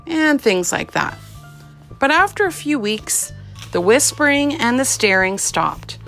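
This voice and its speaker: A woman narrating a children's storybook aloud with expressive, lively storytelling. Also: a little high, measured pace, vocal fry, soft background music. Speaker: audiobook narrator.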